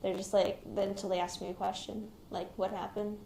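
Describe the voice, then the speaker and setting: A young woman, an active military member, recounts surviving a shooting in a hesitant, reflective, quiet-spoken way. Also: medium pitch, level tone, fairly quick, creaky. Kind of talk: recounting a personal experience in an interview. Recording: roomy recording with faint background noise.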